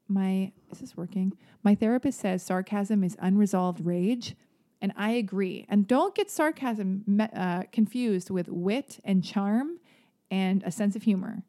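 A woman with a mellow, warm voice hosts her own podcast, answering listener mail in a loose, rambling way. She is frank and swears casually, and her speech is full of fillers and asides. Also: mid-range voice. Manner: candid, rambling, profane. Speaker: podcast host. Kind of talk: casual solo podcast, reading listener emails. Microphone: mic on a stand.

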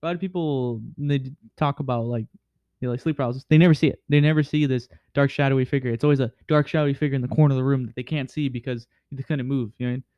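A man's voice: mid-range voice, steady tone, rapid-fire, dry recording, highs cut off. A young man in casual chat, telling stories in a rambling way, with lots of fillers like "you know what I mean".

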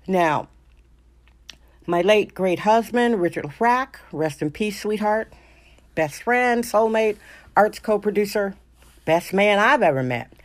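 A middle-aged woman from Wisconsin hosting her own show, talking in an emphatic, self-assured and opinionated way. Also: mid-range voice. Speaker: podcast host. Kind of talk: casual monologue.

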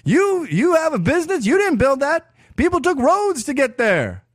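A high, drawling politician voice, sneering and overblown, as a man mocks him. It stays close and dry, lifted far above the speaker's own tone. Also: huge pitch swings, normal speed, no room sound, heavily acted. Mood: mocking. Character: mocking impression of a male politician.

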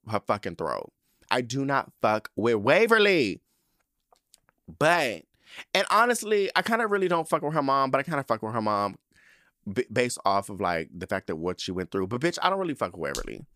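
A man in his thirties hosting a podcast, chatting casually with a gushing, profane, animated manner. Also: mid-range voice, dry recording, studio quality. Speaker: podcast host. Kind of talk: casual chat.

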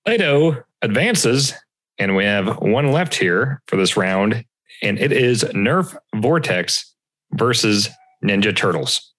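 A man's voice: on the low side, animated, slow pace, fairly bright tone, low-quality recording. A man hosting a podcast in casual chat, announcing matchups in a jokey way. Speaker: podcast host running the bracket.

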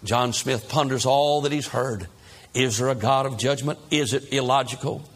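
A man's voice: medium pitch, normal speed. A man preaching a sermon as a dramatic, repetitive story.

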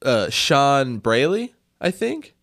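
A man's voice: medium pitch, sing-song, takes it slowly, a bit bright, dry recording, studio quality. A man, a comedian, telling a story in casual podcast chat, rambling with many restarts. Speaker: comedian guest.

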